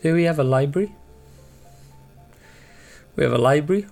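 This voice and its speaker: A man's voice: a little high, expressive, moderate pace, gravelly, a little mellow, soft background music, pitched above the performer's own voice. A man voices a frail, exhausted woman near the end of her life, speaking with an attempted Scottish accent. She is hospitable but fading, repeating phrases and trailing off into sighs, in a tabletop game scene. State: tired. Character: weary, dying woman host of a safehouse.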